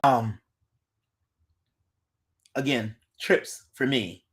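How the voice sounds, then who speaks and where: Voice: medium pitch, extremely slow. An adult host chatting casually on a live stream, greeting viewers by name and reading their comments aloud, recorded on a phone.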